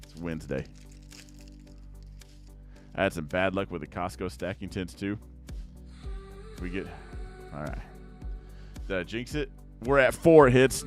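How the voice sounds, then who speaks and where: A young man with a fairly low voice talks casually to his viewers while opening card packs. His chat rambles, with sudden bursts of excitement over good pulls. Faint music plays under him. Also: unhurried, pauses often.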